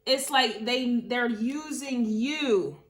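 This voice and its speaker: A woman's voice: fairly high pitch, slow pace. A woman giving a casual tarot reading, talking emotionally and repeating herself as she thinks aloud. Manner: casual, uses swear words. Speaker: tarot reader.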